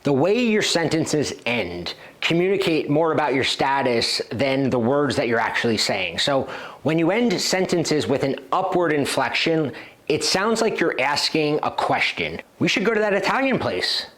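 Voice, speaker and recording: A man's voice: fairly high pitch, sing-song, normal speed, a bit bright. A man teaching as a dating coach, speaking directly and confidently and acting out short example lines. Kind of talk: instructional talk to camera.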